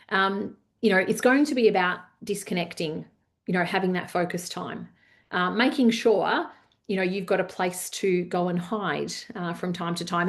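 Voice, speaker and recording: A woman, presenting a leadership masterclass and chatting her way through anecdotes with lots of fillers. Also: on the low side. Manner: chatty, many fillers, animated retelling. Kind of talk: webinar talk with anecdotes.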